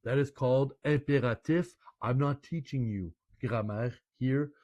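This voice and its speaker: A man from Canada gives an online French lesson at a slow, unhurried pace. He is chatty and playful and keeps slipping French phrases into his English explanations. The recording is dry and close, with no room sound. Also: medium pitch, darkish tone, dry recording. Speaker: French language teacher.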